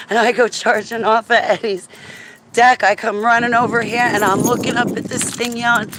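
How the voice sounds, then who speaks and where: A woman telling a story to her viewers in an excitable, chatty way while walking outdoors on a city street, often checking in with "right?". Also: fairly high pitch, brisk, slight background noise. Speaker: vlogger. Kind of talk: casual storytelling to camera.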